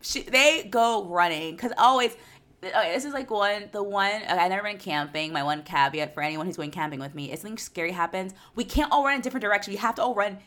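A podcast co-host with a fast, mid-range voice retells a film in a casual, profane chat. She's animated, laughs as she tells it, and swears freely.

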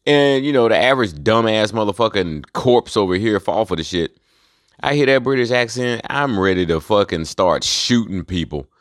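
A man hosts his own solo rant show, heated and full of profanity as he lays out conspiracies. His voice sits on the low side. The sound is dry, with no room around it. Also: lively intonation, normal speed, dry recording. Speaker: host.

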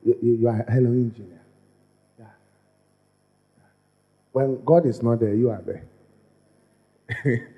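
A man's voice: medium pitch, a little slow, long pauses, dull audio. A man preaching a sermon as pastor, repeating phrases and restarting lines as he builds his point. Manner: repetitive, animated preaching with stammered restarts.

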